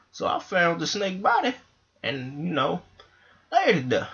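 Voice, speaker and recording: Animated man spinning a profane comic tale. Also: high voice, normal speed, lo-fi sound. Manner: animated, profane, rambling storytelling. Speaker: comic storyteller. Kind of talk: comedic monologue. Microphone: microphone.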